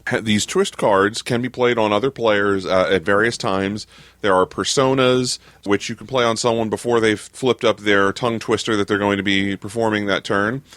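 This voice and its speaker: A man's voice: lowish voice, fairly bright tone, no room sound. A man explaining game rules in a casual podcast chat, with lots of fillers. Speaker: podcast co-host.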